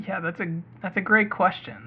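A man hosts a casual fantasy baseball podcast, chatting and thinking aloud with lots of hedging. His high-pitched, husky voice keeps a steady tone and a slightly slow pace. The lo-fi audio is muffled.

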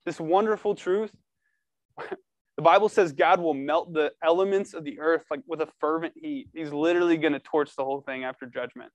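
High-voiced earnest young preacher. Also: male voice, no room sound. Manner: earnest, animated preaching with casual slang. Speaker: youth preacher. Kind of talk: sermon to a youth group. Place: church room.

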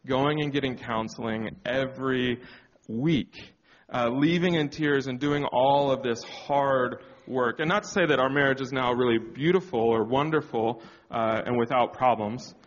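In a sermon setting, a church speaker gives a personal testimony, talking candidly about his own story with reflective pauses and lots of fillers. His medium-pitched voice echoes with a long hall reverb, and the recording sounds slightly dull and muffled.

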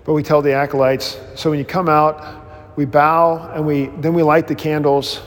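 A pastor teaches a class in a casual, rambling way, breaking into animated storytelling and joking at his own expense. His voice sits a little high for a man, and it carries a long reverb from a large hall. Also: normal speed. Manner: self-deprecating humor. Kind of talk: informal Bible class teaching.

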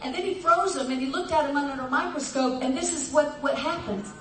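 A woman pastor delivers a sermon in a fairly quick, high voice with a slightly bright edge, captured from far back in an echoey church hall. She tells stories in a folksy manner and laughs often while the congregation responds.

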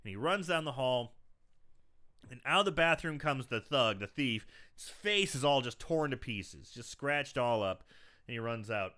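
A man's voice: medium pitch, animated, pushed and bright. Laid-back rambling guy recapping a movie. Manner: rambling, profane, quick to laugh. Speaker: podcast host.

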